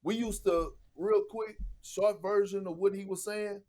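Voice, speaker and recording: Man, high-pitched voice, casual podcast storytelling, animated, profane. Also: measured pace. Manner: animated, profane, acts out quotes. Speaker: podcast guest.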